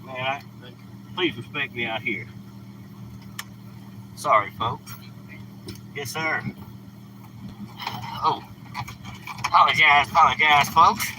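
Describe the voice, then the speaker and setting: A man hosting a casual live stream from his truck, talking bluntly and scolding at times. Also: mid-range voice. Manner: blunt, scolding, plain-spoken. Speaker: live-stream host handing out food. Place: inside a truck, by the street. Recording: traffic noise from outside. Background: car and street noise.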